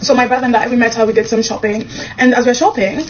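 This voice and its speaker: A young woman from Kenya, a comedian, telling a personal story to camera in a casual, animated way, acting out the dialogue. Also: muffled recording, a little hiss or hum. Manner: animated, acts out the dialogue with quick pitch jumps.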